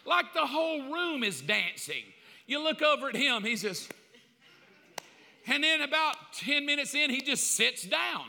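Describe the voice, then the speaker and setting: Bright, animated man preaching in a hall. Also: extremely high pitch, a little slow, gravelly, a little hiss or hum. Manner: comic, animated, acts out quotes in loud bursts. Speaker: pastor. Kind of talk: sermon. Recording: long hall reverb.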